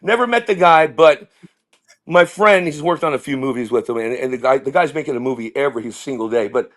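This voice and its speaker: A man, a comedian guest, telling rambling animated stories in casual talk over a video call. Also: mid-range voice, a little fast. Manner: rambling, animated, slips into impressions. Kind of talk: casual interview storytelling.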